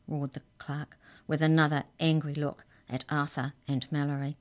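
A woman reading a children's story aloud as a storyteller, with clear, expressive narration. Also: sits low, moderate pace, hardly any pauses.

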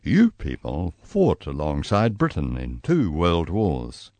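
A man voicing a gloomy, talkative middle-aged Scotsman who grumbles bluntly, pitched above his own voice. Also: wildly swooping pitch, slow, a little mellow, no room sound, exaggerated voice. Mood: grumbling.

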